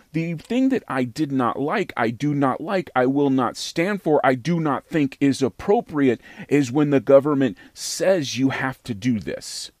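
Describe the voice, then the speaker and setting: Brief: American male podcast host, lively swooping delivery, emphatic and rhetorical, dry close sound. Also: mid-range voice, no room sound. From United States. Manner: emphatic, rhetorical, repeats phrases for effect. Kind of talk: opinionated podcast monologue.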